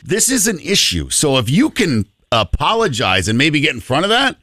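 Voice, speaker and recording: A male radio co-host with a bright, forceful voice whose pitch swings widely as he teases a caller. He gives his advice bluntly and casually. The studio sound is dry and close. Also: huge pitch swings, moderate pace, no room sound. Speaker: radio morning show co-host. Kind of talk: casual on-air banter. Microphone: studio microphone.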